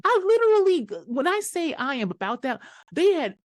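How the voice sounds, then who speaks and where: Animated, profane woman podcast host. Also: sits high, moderate pace, no room sound, studio quality. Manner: animated, profane, emphatic storyteller. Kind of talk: casual conversational storytelling.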